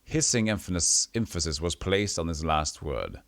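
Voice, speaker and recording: A man's voice: deep voice, moderate pace, no echo. A man streaming a retro role-playing game, chatting casually and reading the game's text aloud, often stumbling and correcting himself. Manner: animated, reads with stumbles and self-corrections. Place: home streaming setup.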